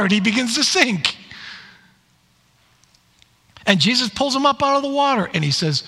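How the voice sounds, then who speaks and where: Guy preaching w a high bright voice, acts out the stories, big echo from a church hall. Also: quick pace, hardly any pauses, breathy edge. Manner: animated storytelling, acts out quoted lines. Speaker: pastor. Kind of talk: sermon. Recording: long hall reverb.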